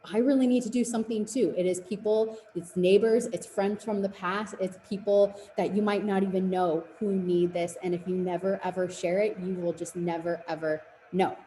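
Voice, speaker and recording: A woman's voice: lowish voice, level tone, normal speed, few pauses, mellow, a little hiss or hum. Earnest young woman coach, roomy sound. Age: 20s. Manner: earnest and encouraging. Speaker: fitness business coach. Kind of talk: recorded webinar presentation.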